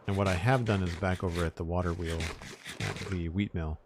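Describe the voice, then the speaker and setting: A middle-aged man chats casually on a live stream, calmly thinking aloud as he works and greeting viewers by name. His voice sits low and carries a gravelly, fry-touched texture. He speaks into a desk microphone. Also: brisk, background noise. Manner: relaxed, thinks aloud while building, thanks viewers by name. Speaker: streamer playing a building game.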